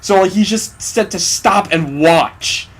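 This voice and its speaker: This let's play co-host speaks slowly in a high voice, casually retelling an anime episode while he plays a game. He curses freely and animatedly acts out what the characters say, all in a relaxed gaming-commentary chat.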